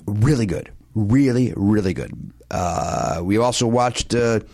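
A man's voice: lowish voice, big pitch swings, takes it slowly, gravelly, darkish tone. A man co-hosting a podcast in casual chat, rambling and trailing off mid-sentence with a mock-exasperated edge. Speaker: podcast co-host.

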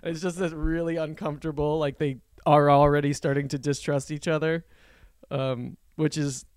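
A man's voice: a little high, little pitch movement, normal speed, darkish tone, clean tone, no room sound, studio quality. A man co-hosting a casual movie review podcast, talking with wry, joking asides. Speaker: podcast co-host.

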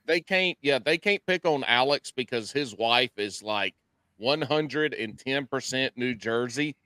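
A man's voice: mid-range voice, lively intonation, a little slow, bright, forceful tone, dry recording. A man trading jokes on a podcast, ribbing his co-host in an easy, mock-serious way. The mic is close and dry, with no room sound. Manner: wisecracking, ribbing. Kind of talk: casual podcast chat.

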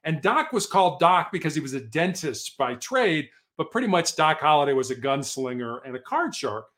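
A man's voice: a little high, a bit bright. A man as an interview guest, telling a story in an earnest, motivational way. He lives in Colorado. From Colorado, USA.

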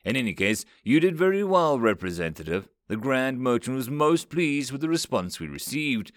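A shrewd, world-weary male bird-like merchant with dry, knowing remarks, as a man performs him in a story reading. His pitch moves a lot. The recording is close and dry. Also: big pitch swings, normal speed, no echo, close to an everyday voice. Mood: wry.

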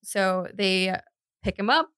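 Podcast lady telling a true crime story, giggles through the dark bits, dry close sound. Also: medium pitch, lively intonation, takes it slowly, smooth, no room sound. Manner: laughs often while telling grim details.

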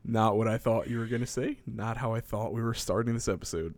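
A man's voice: on the low side, fast, no echo, studio quality. A man in his late twenties co-hosting a podcast, chatting in a laid-back, chuckling way. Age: late 20s. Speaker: podcast co-host. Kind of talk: casual chat.

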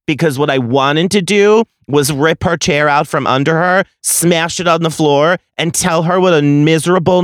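A man in his late twenties with a slightly high voice rants through a story on his podcast, swearing freely and dripping with sarcasm. His voice is recorded close on a studio mic with a dry, dead sound. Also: dry recording. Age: late 20s. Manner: profane, exasperated ranting with heavy sarcasm. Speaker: podcast host.

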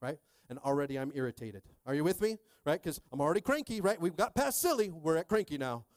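A man preaching a sermon as pastor, telling a personal story animatedly, swinging between hushed and loud, and checking in with the crowd again and again. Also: a little high, animated, fast talker, no echo, clean studio sound.

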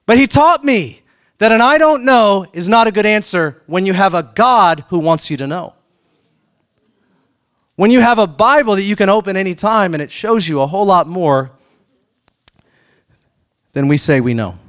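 High-voiced animated preaching man. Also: moderate pace, long pauses. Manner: animated preaching, acting out questions and answers; swings between loud emphatic peaks and quiet asides. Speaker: pastor. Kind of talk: sermon.

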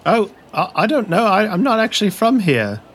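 A man's voice: sits high, sing-song, moderate pace, fairly bright tone, breathy edge, full character voice. A man voicing a timid, polite male archer with tusks who stammers and apologizes. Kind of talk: tabletop role-play.

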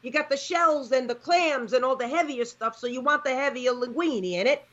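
Blunt, emphatic high-voiced woman. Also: normal speed, a bit bright, muffled recording. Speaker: podcast co-host. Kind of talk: casual chat.

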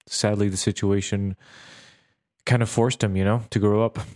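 A man's voice: lowish voice, little pitch movement, normal speed, a little mellow. A man co-hosting a podcast, chatting casually and animatedly about a film with frequent restarts and laughs. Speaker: podcast co-host. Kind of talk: casual movie discussion.

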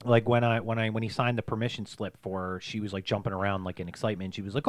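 A man's voice: lowish voice, flat delivery, fast, dry recording. A man co-hosting a casual podcast, rambling through a movie recap with lots of fillers and swearing. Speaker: podcast co-host.

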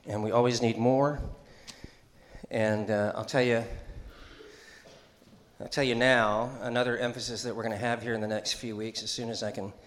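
A man's voice: medium pitch, fairly even intonation, normal speed, roomy sound. A middle-aged man, a pastor, giving a conversational sermon in a church, chatty and joking, with asides and call-and-response to the congregation. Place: church sanctuary.

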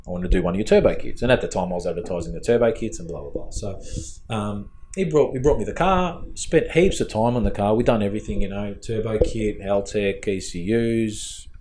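A man's voice: fairly low pitch, brisk, hardly any pauses, a little mellow, a little hiss or hum. A man with an Australian accent, co-hosting a casual podcast chat and telling a long rambling story, acting out the quoted dialogue. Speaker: podcast co-host, fabricator and tuner.

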